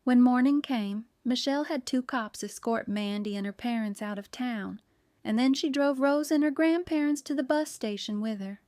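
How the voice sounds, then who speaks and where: A woman reads a novel aloud in an even, storytelling manner. Her voice is smooth and clear, recorded close and dry with no room sound. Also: fairly high pitch, normal speed, no room sound. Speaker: audiobook narrator. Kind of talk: scripted narration.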